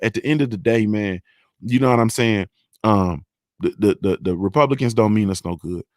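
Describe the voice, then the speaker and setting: Medium in pitch, his voice comes through clean with no room sound, as in a studio. As a morning show host, he rants about politics off the cuff, swearing and hammering his points while often checking, "you understand what I'm saying?"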